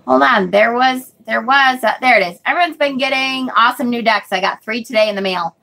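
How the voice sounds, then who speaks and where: A woman's voice: a little high, fairly quick, gravelly, pushed and bright. A woman hosting a live tarot stream, chatting casually and reading viewers' comments, often sidetracked and swearing casually when annoyed. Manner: chatty, scattered, frequently sidetracked. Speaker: tarot livestream host.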